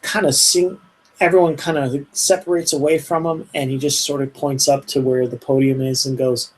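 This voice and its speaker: A man's voice: medium pitch, level tone, moderate pace, low-quality recording. A man with a Canadian accent running a tabletop game as game master, narrating loosely with lots of fillers and restarts. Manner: meandering, filler-heavy narration.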